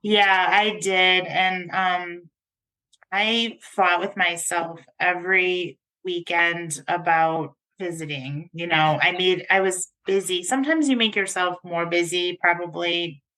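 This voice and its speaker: A woman co-hosting a podcast, talking in a casual, earnest and halting way with many restarts. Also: on the low side, steady tone, sharp tone. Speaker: podcast co-host.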